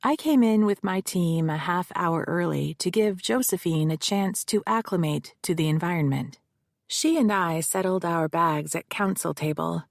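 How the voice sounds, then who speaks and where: A woman reads a first-person mystery audiobook in a measured, steady way. Her voice sits low with a gravelly texture. The recording is dry and close. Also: dry recording. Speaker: audiobook narrator.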